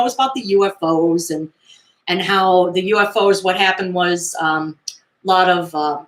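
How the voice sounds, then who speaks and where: A woman in her fifties casually recapping old movies in a chatty, animated way, acting out quotes as she goes. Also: mid-range voice, roomy sound. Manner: chatty, animated retelling with acted-out quotes and laughs.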